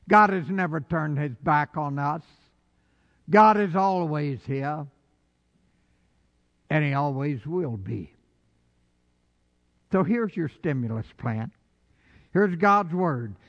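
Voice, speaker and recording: A male pastor preaching in a high, unhurried voice, dramatic and direct with his congregation. The sound is dull and lo-fi, with a long echo from a hall. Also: animated, a bit bright. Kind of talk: sermon.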